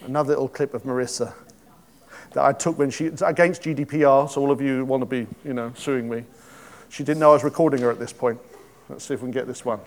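A man's voice: mid-range voice, steady tone, fast talker. A man giving an informal sermon, chatty and joking, with many restarts. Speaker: preacher.

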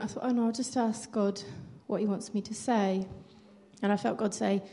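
A woman's voice: mid-range voice, steady tone, moderate pace, creaky, warm tone. A woman earnestly telling a personal testimony at church. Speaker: church member sharing testimony.

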